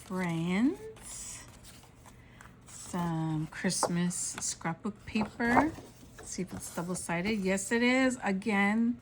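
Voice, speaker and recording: A woman's voice: mid-range voice, very animated, extremely slow, background noise. A woman vlogger narrating a casual show-and-tell of craft supplies, gushing and exclaiming over each item.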